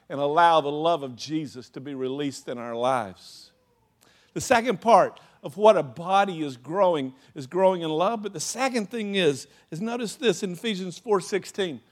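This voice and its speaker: A man preaching a sermon in a conversational way, telling stories from his own life with lots of "you know" and laughing asides. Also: a little high. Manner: acts out anecdotes with laughing asides. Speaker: pastor.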